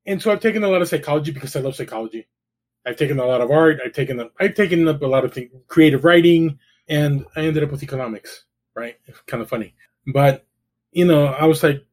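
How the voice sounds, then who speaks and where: A man's voice: medium pitch, brisk, a little mellow. Candid man telling his story. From El Salvador. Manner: candid, storytelling, frequent "you know" and restarts. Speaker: guest. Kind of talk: casual conversation.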